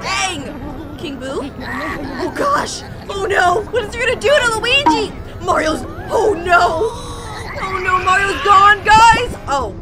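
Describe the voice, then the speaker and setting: A young woman hosting a casual reaction video, animated and giggly, talking straight to her viewers. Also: very high-pitched, takes it slowly, raised voice, over a noisy crowd. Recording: music playing underneath.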